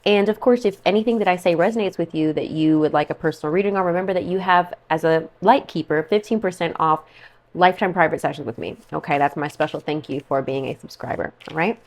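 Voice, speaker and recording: A woman's voice: fairly low pitch, fast. A woman giving a casual monthly tarot forecast, chatty and rambling, full of "like" and "okay" asides. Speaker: tarot reader.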